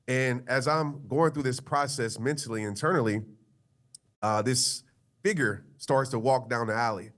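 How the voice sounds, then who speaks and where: A man's voice: medium pitch, moderate pace, fairly bright tone. A male motivational speaker telling a personal story in an interview, earnest and conversational, with frequent fillers.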